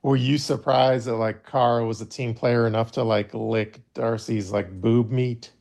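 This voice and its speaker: A man's voice: mid-range voice, fairly even intonation, a little slow, vocal fry, a little mellow. A man co-hosting a casual podcast recap, laid-back and talking with many fillers. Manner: laid-back, recounting his own posts with many fillers. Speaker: podcast co-host.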